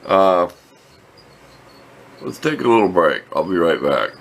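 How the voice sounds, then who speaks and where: Folksy deep-voiced older man in his workshop. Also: big pitch swings, unhurried, gravelly. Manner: folksy, rambling, plain-spoken. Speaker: workshop video host. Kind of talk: casual workshop show-and-tell. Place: home workshop.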